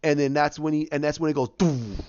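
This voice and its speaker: A man's voice: fairly high pitch, completely flat delivery, quick pace, darkish tone, lo-fi sound, slight background noise. A man hosting a podcast, recapping a film casually and acting out scenes with many restarts. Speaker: podcast host.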